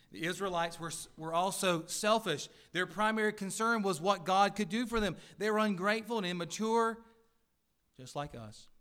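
A middle-aged man preaches a sermon in a church sanctuary. His voice sits a little high and swells into loud, earnest peaks before falling back, with dry asides to the congregation. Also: clean tone. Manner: earnest preaching with sudden rises in pitch and volume, dry asides. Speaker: pastor.

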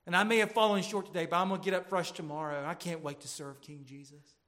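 A middle-aged man preaching a sermon as pastor, swinging from quiet, gentle passages to loud, emphatic exhortation. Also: sits high, steady tone, fast. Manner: preaching with wide swings from hushed to shouting.

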